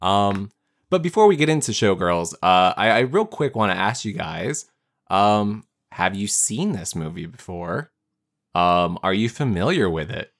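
Low-voiced man hosting a casual podcast. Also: sing-song. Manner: quick, upbeat, joking. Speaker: podcast host. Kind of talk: casual movie podcast chat.

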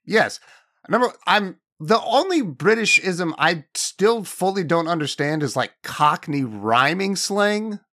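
A man's voice: sits high, lively intonation, unhurried, sharp tone. A man hosting a casual podcast, joking playfully with his friends. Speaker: podcast host.

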